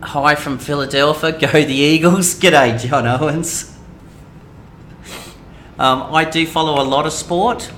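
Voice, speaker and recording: A man's voice: on the high side, steady tone, takes it slowly, pauses often, fairly bright tone. Australian man, middle-aged, live stream chat, hesitant ums, faint noise behind. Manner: hesitant, many ums, reads chat aloud. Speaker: game streamer.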